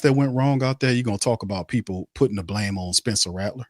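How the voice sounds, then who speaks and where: A man's voice: medium pitch, fast talker, few pauses, no room sound, clean studio sound. A man hosting a postgame sports show. He rants bluntly and heatedly and keeps repeating his phrases. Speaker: sports talk show host.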